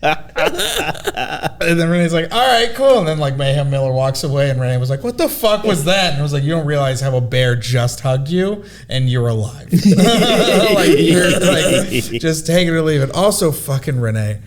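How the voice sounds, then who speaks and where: Man, podcast guest, slightly high voice, rambling, swearing, casual storytelling. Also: expressive, normal speed. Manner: rambling, profane, laughing through stories.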